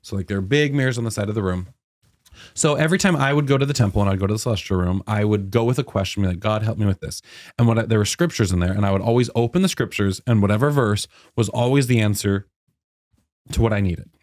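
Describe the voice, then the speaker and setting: A man's voice: quick pace, dry recording. Chatty man telling a story, dry sound. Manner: animated, many "like" fillers, acts out quotes in a high voice. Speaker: guest comedian. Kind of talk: casual podcast storytelling.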